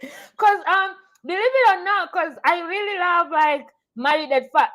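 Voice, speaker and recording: High-voiced woman in slangy chat. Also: normal speed, rough recording. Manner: animated, slangy, swears casually. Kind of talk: casual chat.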